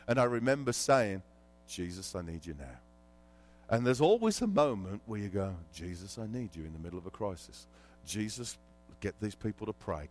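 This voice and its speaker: A man preaching a sermon as pastor, telling an animated story and quizzing the congregation. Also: mid-range voice.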